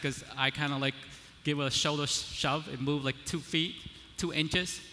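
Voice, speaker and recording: A male preacher with a bright, forceful, slightly high voice delivers a conversational sermon, often checking in with his listeners. He builds up to emphatic declarations, and his voice rings with a long reverb in a large hall. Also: brisk, hardly any pauses, a little hiss or hum.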